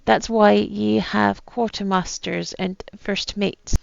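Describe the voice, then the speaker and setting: A woman voicing a boastful old male pirate captain in a put-on pirate accent, reading his journal aloud in slow, rough slang. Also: mid-range voice, steady tone, no echo, muffled recording.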